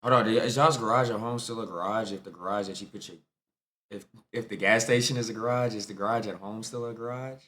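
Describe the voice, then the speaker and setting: A man's voice: fairly low pitch, fairly even intonation, fairly quick, bright, forceful tone. A man giving loose, slangy, incredulous commentary on videos he watches. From United States. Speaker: reaction video host. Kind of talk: casual reaction commentary.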